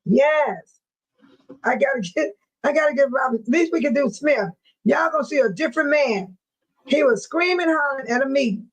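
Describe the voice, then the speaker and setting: A woman's voice: high-pitched, lively intonation, moderate pace, poor audio. A woman hosting her own channel in casual live-stream chat, laughing often and mimicking other people in exaggerated voices. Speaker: channel host.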